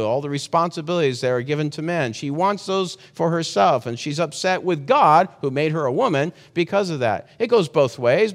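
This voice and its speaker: Earnest preacher man in a reverberant hall. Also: on the high side. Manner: conversational, earnest, frequent restarts. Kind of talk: sermon.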